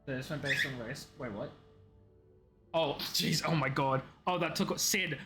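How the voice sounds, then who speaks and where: A woman streaming a game, reacting with quick exclamations and laughs as she reads in-game letters aloud. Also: low voice, a bit bright. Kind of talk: gameplay commentary with read-aloud letters. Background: faint game music.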